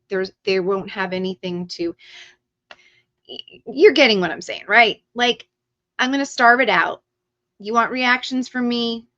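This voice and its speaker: Slow ranting woman, lo-fi stream audio. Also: on the high side, fairly bright tone. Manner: heated, ranting, swears freely. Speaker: livestream host. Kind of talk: ranting livestream talk.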